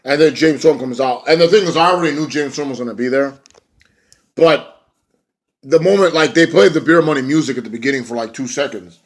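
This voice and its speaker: A man's voice: fairly high pitch, brisk. Profane, ranting young man reviewing wrestling. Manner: blunt, profane, animated ranting with mocking impressions. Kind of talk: casual video review.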